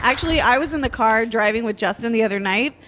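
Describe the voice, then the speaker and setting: A woman's voice: fairly high pitch, fast talker, fairly bright tone. A woman chatting casually and teasing a friend. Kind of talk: casual chat.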